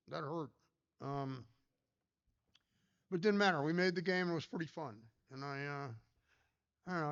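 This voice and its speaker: A man's voice: fairly high pitch, clear, resonant tone, highs cut off. An older man giving a casual conference talk about his career, rambling through anecdotes with many fillers and restarts. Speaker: pinball designer giving a talk.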